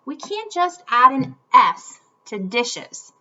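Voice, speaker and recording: Bright, slow-speaking woman teacher. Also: high voice, big pitch swings, lo-fi sound. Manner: slow, clearly enunciated, upbeat teacher talk. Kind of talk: children's phonics lesson.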